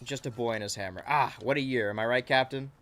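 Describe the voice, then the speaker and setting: A man's voice: mid-range voice, fast, fairly bright tone. Joking man doing gaming commentary. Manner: rambling, joking, sarcastic asides. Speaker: gaming channel host. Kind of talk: let's play commentary.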